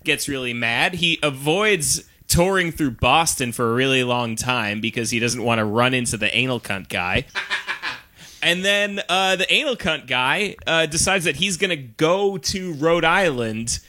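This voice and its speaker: A man with a bright, dry-sounding voice chats loosely on a comedy podcast. He tells his story in a rambling way, full of fillers and restarts. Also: medium pitch, lively intonation, unhurried, no room sound. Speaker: podcast co-host. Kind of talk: casual comedic chat.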